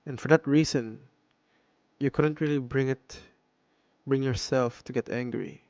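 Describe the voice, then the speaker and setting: A man's voice: mid-range voice, fairly even intonation, darkish tone, no room sound, dull audio. A man narrating as game master, easygoing, with lots of fillers. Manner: unhurried, with fillers.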